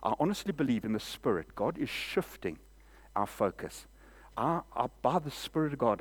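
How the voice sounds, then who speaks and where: Male pastor, middle-aged, impassioned sermon delivery, emphatic repetitions, average pitch. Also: sing-song, moderate pace.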